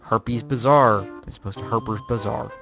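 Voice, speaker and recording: A man's voice: on the low side, normal speed, over music. Wry man reading a game aloud. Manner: wry, jokey reading with asides. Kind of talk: let's-play narration.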